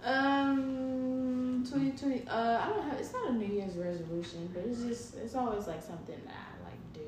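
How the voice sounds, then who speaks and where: A woman co-hosting a casual podcast chat, relaxed and reflective, laughing easily. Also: fairly high pitch, normal speed. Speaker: co-host. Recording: echoey room from a distance with noise.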